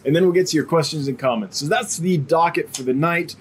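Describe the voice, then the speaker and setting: With a cough drop in his mouth and a slight cough that lingers, a man hosts a casual live stream selling fish. He talks in a chatty, rambling way, full of fillers. His voice is a little high, fairly quick, and husky.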